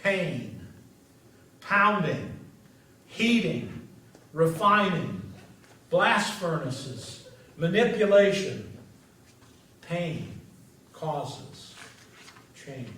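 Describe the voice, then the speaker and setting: High-voiced pastor in an echoey church. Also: male voice, recorded from a distance. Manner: storytelling with dramatic pauses and dropped endings. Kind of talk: sermon. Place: church sanctuary.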